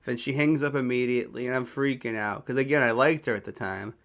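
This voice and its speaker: A man's voice: mid-range voice, steady tone, fast, hardly any pauses, a bit bright. A man in his twenties casually telling a rambling, self-deprecating story from his school days, swearing freely. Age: 20s. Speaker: vlogger.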